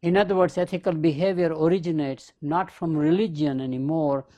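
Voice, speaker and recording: A man's voice: a little high, steady tone, brisk, warm tone. A man lecturing on a leadership podcast, explaining ideas through everyday analogies and rhetorical questions. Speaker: business professor hosting a leadership podcast. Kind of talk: lecture-style podcast monologue.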